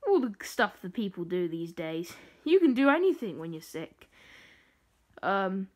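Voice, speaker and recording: A woman's voice: mid-range voice, very animated, measured pace, pitched below the performer's own voice. A woman voicing a blunt, bossy male doctor giving orders in an offhand way.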